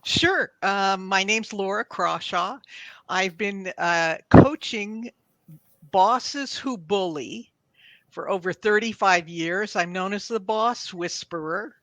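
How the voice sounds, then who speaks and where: An older woman in her sixties speaks as an interview guest, her tone bright and forceful. She talks in a measured, earnest way and acts out what people said in her stories. The sound is dry and close. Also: mid-range voice, no room sound. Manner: measured, earnest, re-enacts dialogue in anecdotes. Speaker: guest, executive coach. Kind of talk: interview storytelling.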